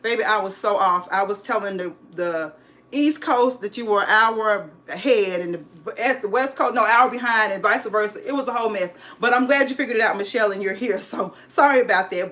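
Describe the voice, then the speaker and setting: On a live home decor stream from inside her home, a woman from California welcomes viewers with bubbly hype. Her voice is mid-range and a bit bright, and she keeps addressing people as sis and honey.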